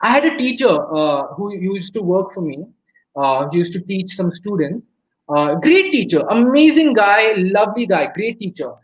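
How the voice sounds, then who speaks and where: A man with an Indian English accent giving a lively talk on communication at a webinar, acting out everyday scenes as he goes. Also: high voice, normal speed. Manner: lively storyteller, acts out quotes. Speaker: webinar speaker. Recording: roomy echo.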